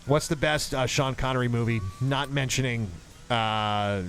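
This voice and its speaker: A man's voice: mid-range voice, a little slow, fairly bright tone, faint music behind. A man co-hosting a podcast, rowdy and profane, laughing often. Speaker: podcast co-host. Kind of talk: casual chat.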